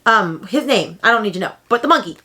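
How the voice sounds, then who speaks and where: Chatty and easily excited, a young woman book vlogger talks casually and breaks into quick, high exclamations.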